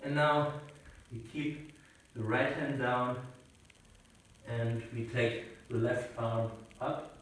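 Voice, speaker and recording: Slow, calm man teaching yoga from afar. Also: medium pitch, a little hiss or hum. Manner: calm, slow guiding instructions. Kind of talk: instructional yoga class. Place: on a sailboat. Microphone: camera mic at a distance. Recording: roomy distant camera audio.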